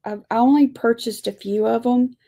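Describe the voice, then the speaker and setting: A woman's voice: a little high, moderate pace, vocal fry, mellow. A woman leading a live craft lesson, chatty and folksy as she talks viewers through her lettering. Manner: chatty, folksy, says y'all. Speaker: lettering teacher.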